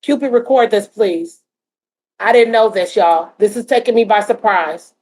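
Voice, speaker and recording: A woman's voice: medium pitch, normal speed, darkish tone. Soothing woman talk-show host. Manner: soothing, reassuring, repetitive.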